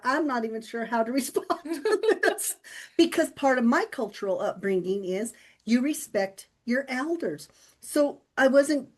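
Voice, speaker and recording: A woman co-hosts a casual podcast and talks through her own experiences in a reflective way. She tells stories with frequent light laughter and keeps an easy conversational tone. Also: on the high side. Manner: storytelling, laughs often, reflective. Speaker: podcast co-host.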